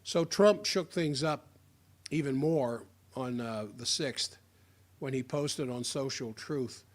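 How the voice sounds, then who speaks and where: A man's voice: medium pitch, slow. A man giving a sarcastic, rambling political opinion monologue, often restarting his sentences. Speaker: political commentator.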